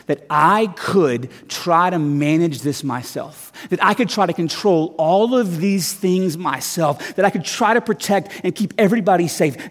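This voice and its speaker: A male guest preacher in his thirties tells a story in a sermon, lively and self-mocking, often tripping over his own restarts. His voice sits a little high for a man. The sound carries a long reverb tail from the church hall.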